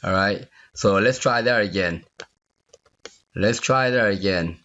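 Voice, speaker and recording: A man in an unscripted screen-recorded coding tutorial, thinking aloud as he works. He talks at a slow, unhurried pace, often repeating himself and checking whether the viewer follows. The audio is slightly dull and lo-fi, from a computer mic. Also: on the low side, a bit bright. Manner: thinking aloud, repeats phrases, asks viewer "you see there?". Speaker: software tutorial instructor.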